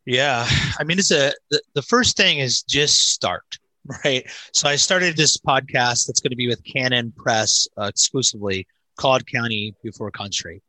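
A man's voice: mid-range voice, moderate pace, pushed and bright, no room sound, poor audio. A male pastor as a podcast guest, giving practical advice in a direct way. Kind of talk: casual interview talk.

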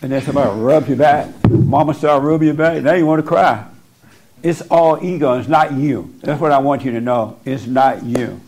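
At a moderate pace, a man with a mid-range, darkish voice speaks into a microphone. His spiritual guidance to someone facing him is blunt and insistent, with points repeated for emphasis.

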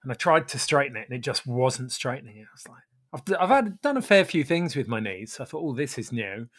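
Calm man telling a story. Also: medium pitch, fast. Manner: calm, matter-of-fact, drops to quiet asides. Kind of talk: casual storytelling.

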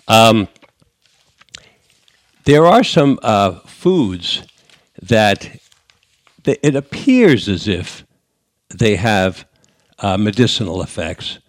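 A man's voice: low-pitched, lively intonation, slow pace, long pauses, no echo, studio quality. An older man from New York with a New York accent, hosting a radio call-in show and talking in a conversational way with many fillers and restarts. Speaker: radio talk show host. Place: radio studio.

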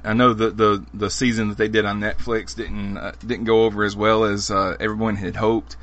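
Male podcast host, low-pitched but bright and forceful, loose and chatty. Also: level tone, brisk, gravelly, few pauses, dull audio. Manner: rambling, laughs easily. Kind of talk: casual chat.

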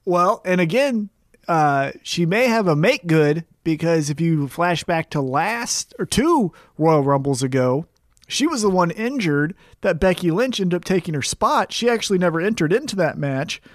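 A man co-hosting a podcast, chatting casually about wrestling in an excitable, profane, rambling way. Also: high voice, moderate pace, no echo, studio quality. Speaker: podcast co-host.

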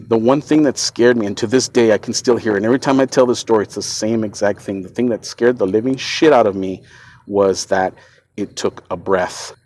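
A man hosting a podcast, telling a first-person story in an earnest, shaken way, often repeating and restarting his words. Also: fairly low pitch. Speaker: podcast host.

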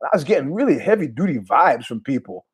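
A man's voice: mid-range voice, fast, husky. A man hosting a podcast in a casual, rambling monologue, swearing and trailing off in asides. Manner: rambling, profane, animated asides. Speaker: podcast host.

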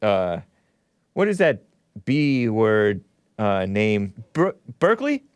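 A man's voice: fairly low pitch, big pitch swings, very slow, a little mellow, clean tone, no room sound. A man hosting his own show, giving sarcastic commentary over news clips with mocking asides. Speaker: show host.

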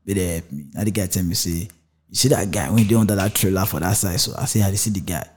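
A man's voice: low voice, fast talker, a little hiss or hum. A young Nigerian man with a Warri pidgin accent, telling stories in a casual interview, mixing pidgin and English, acting out voices and laughing often. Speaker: rapper interviewed as guest.

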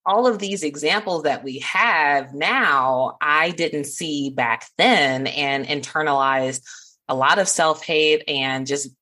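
Woman podcast host, low voice, earnest and warm. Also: slow. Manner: earnest, warm-hearted, laughs often. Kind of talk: heartfelt conversation.

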